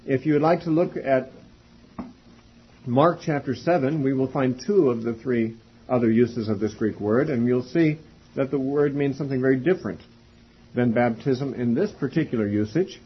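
A man teaching a Bible class in a methodical way, spelling out words and pausing often. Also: medium pitch, a little hiss or hum. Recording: dull lo-fi recording.

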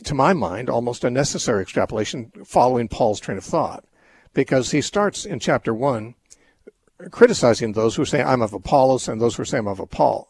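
Husky male radio Bible-talk host. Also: medium pitch, expressive, fairly quick, darkish tone. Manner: thoughtful, rambling with many restarts and fillers. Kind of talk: unscripted call-in Bible answers.

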